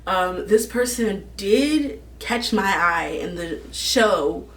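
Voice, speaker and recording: Young woman vlogger, excitable, rambling fan chat, mid-pitched, recorded from a little way off. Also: slow pace, distant mic. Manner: gushing, rambling, laughs often. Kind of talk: casual fan casting chat.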